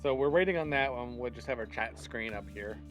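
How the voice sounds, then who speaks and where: Excitable laughing man, lively pitch. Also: fairly quick, faint music behind. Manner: excitable, laughs often, swears in surprise. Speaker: co-streamer guest. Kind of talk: casual gameplay chat.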